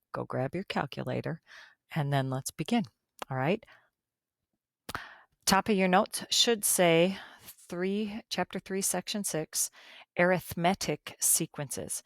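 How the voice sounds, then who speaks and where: A woman's voice: sits low, dry recording, studio quality. A middle-aged woman teaching math in a recorded video lesson, chatty and folksy with joking asides.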